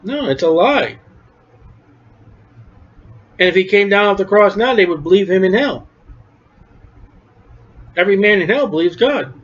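High-pitched preacher guy teaching scripture, chatty and emphatic, muffled lo-fi audio. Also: animated, measured pace, pauses often. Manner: conversational, emphatic, stumbles and repeats words. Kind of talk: sermon-style Bible study. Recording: dull lo-fi recording.

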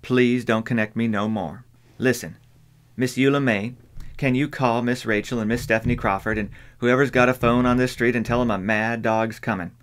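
A man's voice: mid-range voice, steady tone, moderate pace, lightly acted. A man voicing a stern older woman housekeeper, speaking urgently and emphatically.

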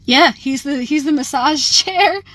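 A woman's voice: sits high, a little slow, a bit bright, poor audio. A woman voice actor chatting casually on a livestream, bubbly and full of fillers. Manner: bubbly, chatty, laughs often, trails off with fillers. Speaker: voice actor doing fan Q&A. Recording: faint background noise.

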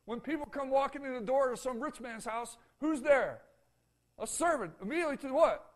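High-voiced pastor preaching emphatically. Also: male voice, animated, a little fast. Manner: emphatic, asks the congregation rhetorical questions and repeats phrases. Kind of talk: sermon. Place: church sanctuary.

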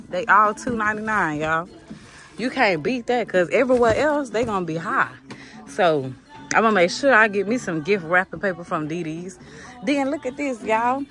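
A woman's voice: medium pitch, a bit bright. A woman, chatting casually to her viewers while filming herself shopping in a store. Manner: chatty, addresses viewers as y'all. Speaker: vlogger. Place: discount clothing store.

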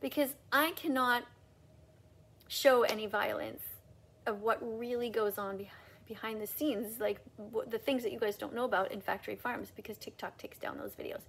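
A woman's voice: fairly even intonation, normal speed, fairly bright tone, slight background noise. A woman giving an emphatic, preachy ranting monologue to camera as a video creator. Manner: emphatic and preachy, with sudden mocking pitch jumps.

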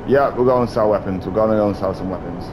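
A young man giving casual, excitable gameplay commentary, swearing and trash-talking other players. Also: lowish voice, fast talker, muffled recording, background noise. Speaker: gaming YouTuber.

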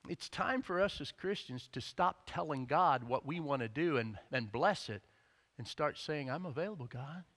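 A man preaching a sermon as pastor. He tells the story with energy, acts out the quotes in character and rises almost to a shout. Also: a little high, animated, unhurried. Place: church sanctuary. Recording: long church-hall reverb.

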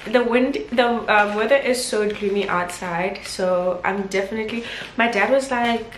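A woman's voice: medium pitch, moderate pace, hardly any pauses. A young woman, chatting casually and emotionally in a home vlog. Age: 20s. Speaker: vlogger. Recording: roomy with faint background noise.

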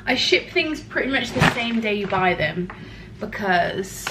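A woman in her twenties chatting casually for her vlog in her student flat, full of "like" fillers, her throat a little rough from a cold. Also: medium pitch, measured pace, heavy background noise. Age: 20s. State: slightly ill, throat rough. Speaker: vlogger.

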